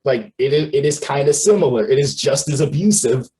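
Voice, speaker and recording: Animated man reviewing a movie. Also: brisk, low-quality recording. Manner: animated, laughs often, acts out lines in high voices. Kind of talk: casual chat.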